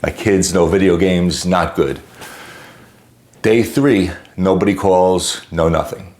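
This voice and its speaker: Deep-voiced man venting to camera. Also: slow pace. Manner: exasperated, animated retelling with acted quotes. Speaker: homeowner telling a customer-service story. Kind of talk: casual to-camera storytelling.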